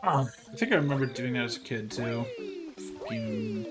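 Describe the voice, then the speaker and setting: A young man streams a game and rants to his chat, cursing freely in a casual, chatty way. His voice sits at a middle pitch. Game music plays clearly under his voice. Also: wildly swooping pitch, normal speed. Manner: profane, ranting, talks to chat.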